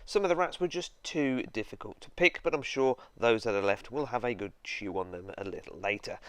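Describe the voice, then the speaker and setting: A man narrating a voice-over in a measured, summarizing way. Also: on the low side, smooth, dry recording.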